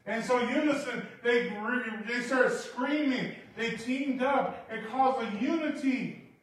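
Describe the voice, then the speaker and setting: A man preaching a sermon, animated and swinging from quiet asides to shouting. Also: very high voice, slow, slight background noise. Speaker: pastor. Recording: echoey hall, from far off.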